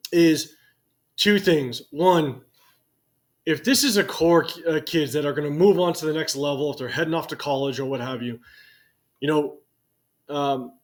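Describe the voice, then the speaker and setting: A man in his forties giving casual, conversational sports commentary to his channel's viewers, thinking aloud as he goes. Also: a little high. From United States.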